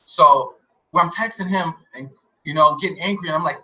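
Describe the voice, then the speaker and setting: A man's voice: a little high, brisk, bright, forceful tone, distant mic, dull audio. A man telling a long personal story in a rambling, profane way, with many fillers and restarts. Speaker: guest recounting an experience.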